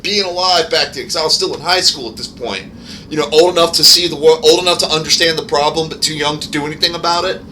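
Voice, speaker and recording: A man's voice: a little high, sharp tone. A man in his thirties hosting a gaming channel, ranting in a rambling, profane, heated way. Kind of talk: ranting casual commentary. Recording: noisy home recording.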